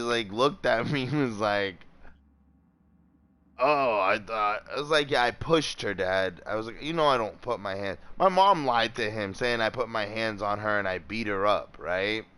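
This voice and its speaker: Young man, casual storyteller, profane, rambling, animated. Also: medium pitch, clean tone. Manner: animated, voices quoted people. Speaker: gaming streamer.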